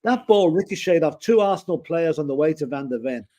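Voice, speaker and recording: A man talks football on a live chat show with a mellow, fairly high voice. He is opinionated and rambles, circling back and restarting lines as he argues his point. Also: animated, a little fast. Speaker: football podcast co-host.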